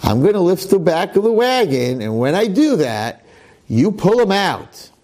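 A man's voice: high-pitched, very animated, a little slow, darkish tone, pitched above the performer's own voice. A man doing Yankel, an earnest farmhand. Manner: earnest, simple, pleading. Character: humble farmhand, later distraught.

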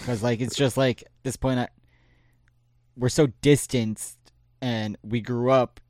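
A man's voice: mid-range voice, fairly even intonation, measured pace, darkish tone, no room sound, studio quality. A young man in his twenties co-hosting a podcast, talking in a blunt, profane, laid-back way. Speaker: podcast co-host. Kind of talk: casual chat.

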